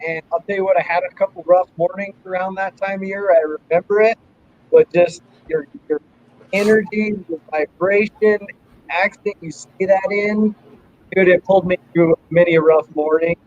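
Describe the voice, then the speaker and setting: A man's voice: high voice, steady tone, normal speed, a little mellow. A man hosting a podcast, casual and enthusiastic, calling his guest brother. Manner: enthusiastic, calls people brother. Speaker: podcast host. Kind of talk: casual chat. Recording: slightly dull sound with faint noise.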